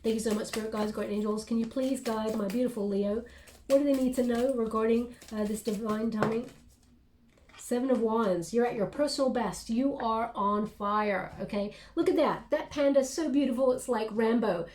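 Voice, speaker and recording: A woman's voice: fairly high pitch, a little fast, dark tone, slight background noise. A woman giving a casual tarot reading to camera, speaking in an encouraging, reassuring way with many fillers and restarts. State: briefly emotional. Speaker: tarot reader.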